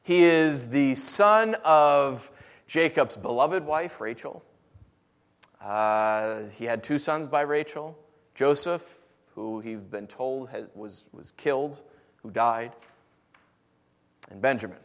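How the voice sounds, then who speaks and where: Animated man teaching scripture. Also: medium pitch, slow, long pauses. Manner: animated, conversational, with homey asides. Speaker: preacher. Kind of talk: Bible teaching with scripture reading.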